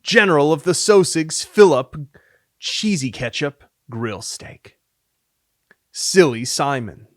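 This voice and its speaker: A man's voice: fairly high pitch, expressive, slow, no echo, studio quality. A man reading a long list of silly names for his game devlog, playfully and with theatrical flair. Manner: reads names with theatrical swings, sometimes mock-dramatic.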